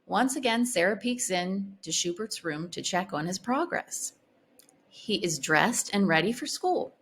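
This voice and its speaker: A woman reads a children's storybook aloud, clear and expressive. Her pitch moves in lively swings and she takes an unhurried, slow pace. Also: a little hiss or hum. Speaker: storybook reader.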